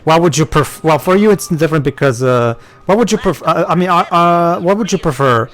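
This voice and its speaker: A man chatting as co-commentator on a let's-play, halting and restarting his sentences as he works out a point. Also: on the high side, animated, fairly bright tone.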